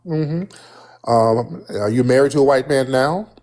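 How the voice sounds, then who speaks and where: A man's voice: medium pitch, measured pace, a little mellow. Brash, teasing livestream host man. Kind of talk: casual livestream chat.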